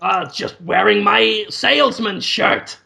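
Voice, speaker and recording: A man voicing a melodramatic, ashamed office worker, wailing in a shrill, drawn-out voice. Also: creaky, pushed and bright, full character voice. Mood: pleading.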